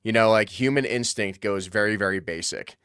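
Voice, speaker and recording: A man's voice: lowish voice, brisk, fairly bright tone, clean tone, dry recording, studio quality. A man hosting a podcast interview, reflecting aloud in casual chat with many restarts. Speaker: podcast host.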